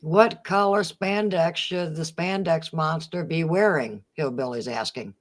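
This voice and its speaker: Giggly woman cohost reading chat out loud, slow easy talker. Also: sits low. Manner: giggly, reads viewer comments aloud. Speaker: stream co-host reading chat. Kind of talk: casual late-night chat.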